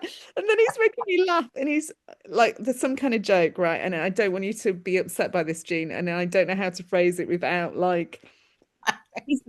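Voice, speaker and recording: A woman working as a medium, giving a lively reading over a video call, laughing often and calling people "my darling". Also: mid-range voice. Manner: animated, laughs often, relays spirit messages with warm endearments.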